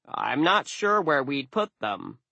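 A man's voice: on the high side, sing-song, slow pace, creaky, sharp tone, no echo, dull audio, exaggerated voice. A man voicing a nerdy, scholarly male crow who lectures pedantically. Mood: pedantic.

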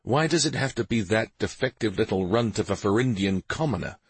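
A man's voice: lowish voice, expressive, a little fast, slightly rough, dry recording, exaggerated voice. A man voicing a resentful, scheming male minister who sneers at a commoner.

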